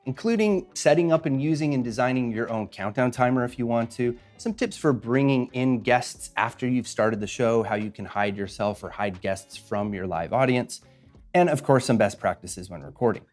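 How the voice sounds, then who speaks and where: A man hosting a podcasting tutorial and chatting through a screen-share walkthrough. He keeps it upbeat, with quick jokes, and speaks into a podcast mic. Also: mid-range voice, a little mellow, faint music behind. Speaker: host and podcasting instructor. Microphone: podcast mic through a mixer.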